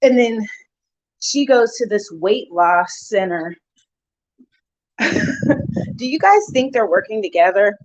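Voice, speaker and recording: A woman's voice: mid-range voice, big pitch swings, slow pace, pauses often, no echo. A woman vlogger chatting casually on a live stream, greeting viewers and giving gossipy commentary on online drama, a bit winded. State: winded, out of breath. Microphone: phone. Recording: dull lo-fi, dry sound.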